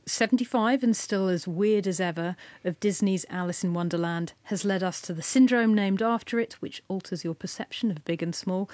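A woman's voice: mid-range voice, darkish tone, no room sound. A woman hosting a radio science program, reading scripted links to upcoming segments. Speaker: radio show host. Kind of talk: broadcast radio presenting.

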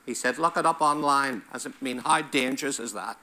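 A man's voice: mid-range voice, brisk, very noisy. A man doing stand-up comedy, firing off punchy one-liners and putting on voices for his characters.

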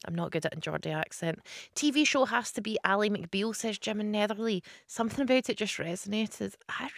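Woman radio host, chatty and teasing, fry in the voice, dry close studio sound. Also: medium pitch, brisk, no room sound. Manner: chatty, laughs often, teasing. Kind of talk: casual radio banter, reading listener messages. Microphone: studio microphone.

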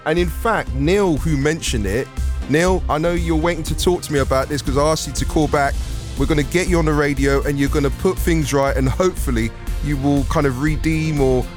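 A man's voice: fairly high pitch, a little fast, faint music behind. A man hosting a radio phone-in, chatting with and wrapping up a caller. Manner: friendly, wraps up calls. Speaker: radio host.

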